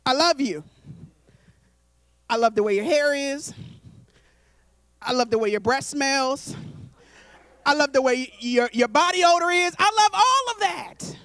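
A woman's voice: high voice, lively intonation, a little slow, long pauses, fairly bright tone, no echo. A woman voicing God as a loving male deity, earnestly calling to be heard. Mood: pleading. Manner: repeated calls of hello, raised and earnest.

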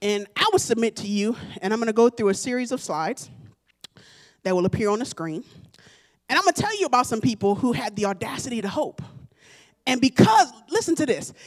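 Woman pastor, high-pitched, preaching a sermon and building to shouts. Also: lively intonation, brisk. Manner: preaching with call-and-response, rising to shouts.

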